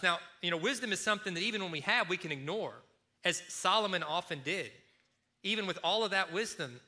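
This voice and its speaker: A man preaching a sermon, retelling a story in a lively way and acting out the speakers. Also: fairly high pitch. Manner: storytelling, animated, acts out quotes. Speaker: pastor.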